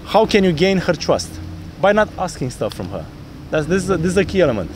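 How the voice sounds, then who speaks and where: A fast-talking man with a voice on the high side coaches a student outdoors on a city street, laying out how to approach women. This dating coach is animated and performs his pickup lines in assorted voices, with slight background noise around him.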